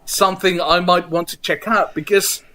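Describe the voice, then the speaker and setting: A man's voice: sits high, steady tone, moderate pace, pushed and bright. A man co-hosting a casual podcast over a video call, joking and telling stories. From Netherlands. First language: Dutch. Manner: joking, storytelling. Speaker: podcast co-host. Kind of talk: casual chat.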